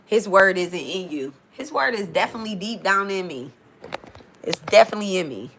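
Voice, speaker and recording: Speaking at a fairly quick clip, this woman has a medium-pitched, slightly bright voice with lively intonation, and a little hiss or hum runs under the audio. She's a spiritual reader from Detroit with the local accent, reading comments out loud on a casual live stream and responding bluntly, with plenty of profanity.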